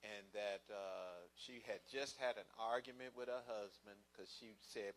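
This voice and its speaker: A man's voice: fairly low pitch, normal speed, a bit bright, a little hiss or hum, low-quality recording. A man moderating a church grief panel, telling a story earnestly and often repeating his words.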